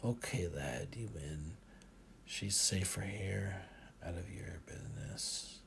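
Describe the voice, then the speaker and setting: An audiobook reader voicing an older father with a low, slow, soft-spoken manner. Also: vocal fry, a little hiss or hum, exaggerated voice. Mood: wistful. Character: older Scottish father, gruff but tender.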